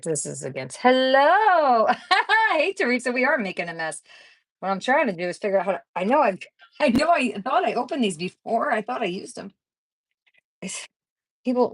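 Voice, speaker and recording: A woman's voice: medium pitch, husky, no echo. A woman hosting a casual live craft chat, rambling and chatty as she sorts supplies, often laughing and greeting viewers by name. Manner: rambling, chatty, talks while fiddling with supplies. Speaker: craft channel host.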